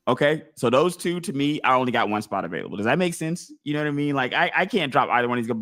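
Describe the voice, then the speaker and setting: Animated man thinking out loud. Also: on the high side, very fast, hardly any pauses. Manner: animated, talks through his choices out loud, acts out imagined crowd voices. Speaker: fantasy football league podcast host. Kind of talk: casual live-stream chat.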